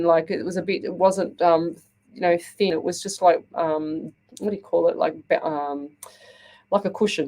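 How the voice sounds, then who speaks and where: A woman's voice: fairly low pitch, a little mellow. An Australian woman hosting a live psychic reading show, chatting to listeners and often checking in with "okay?". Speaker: psychic medium radio host.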